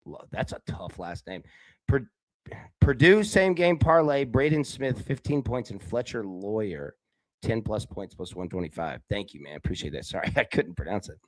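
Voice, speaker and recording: A man hosting a live sports betting talk show, chatting casually and addressing viewers by name, swinging between loud excited bursts and quiet low asides. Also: moderate pace, no echo. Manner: talks directly to chat viewers by name. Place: indoor room with a window.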